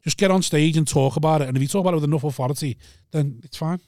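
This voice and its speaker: A man comedian with a Liverpool accent talks quickly and bluntly, swearing and restarting himself often. His voice sits a little high for a man. The sound is dry and close. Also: darkish tone, no echo. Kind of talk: casual podcast chat.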